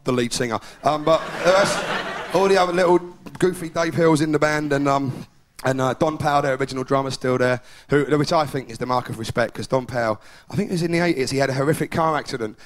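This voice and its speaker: A man does live stand-up at a fairly high pitch, rambling from one story to the next. He often breaks into chuckles at his own jokes. The old tape adds a clear hiss under his voice. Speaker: stand-up comedian. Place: live comedy venue with audience. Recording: 1990s VHS live recording with hiss.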